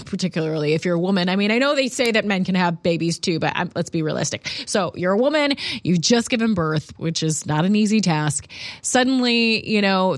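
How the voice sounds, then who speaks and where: A woman's voice: medium pitch, no echo, studio quality. A woman guest-hosting a talk show, chatty and indignant, speaking emphatically. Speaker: guest host.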